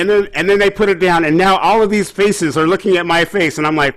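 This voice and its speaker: A man in his fifties chats as a guest over a video call, his voice sitting a little high. He tells his stories in a lively, animated way and slips into other people's voices as he goes. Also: fast talker, few pauses. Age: 50s. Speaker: guest, singer and conductor. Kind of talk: animated storytelling in a casual chat.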